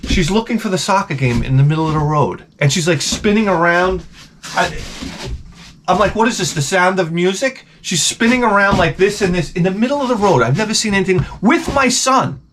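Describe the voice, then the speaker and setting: A man's voice: high-pitched, animated, fairly quick, a bit bright, slight background noise. A middle-aged man ranting profanely and animatedly as he tells a comedic story to his camera at home. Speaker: vlogger.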